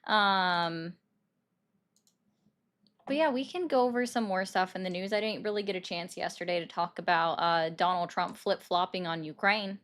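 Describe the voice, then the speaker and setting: A woman's voice: lowish voice, normal speed, fairly bright tone. A woman hosting a live call-in stream from her bedroom, chatting casually about the news and answering viewer comments. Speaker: livestream host taking calls. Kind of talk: casual political commentary chat. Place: bedroom at home. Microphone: desk microphone.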